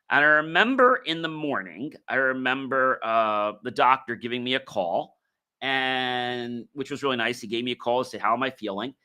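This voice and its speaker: Bright-voiced man telling a rambling story. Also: medium pitch. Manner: rambling, many fillers and restarts. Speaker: podcast host. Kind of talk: casual storytelling monologue.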